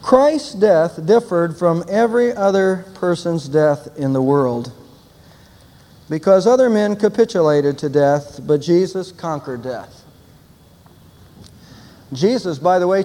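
A man's voice: on the high side, mellow, big-room sound. An older man preaching an Easter sermon as pastor, telling stories and building to emphatic declarations.

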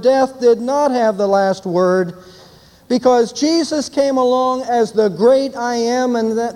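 An older man delivers an Easter sermon from the pulpit, moving between a relaxed story and firm, emphatic declarations. His voice sits high for a man. It carries the long reverb of a church sanctuary. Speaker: pastor.

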